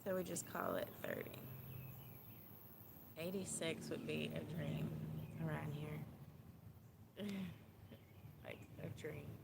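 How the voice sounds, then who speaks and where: A woman's voice: sits low, steady tone, takes it slowly, gravelly, pauses often, very noisy. A tipsy woman vlogging into a handheld phone, chatty and profane, rambling as she thinks aloud. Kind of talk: casual rambling vlog.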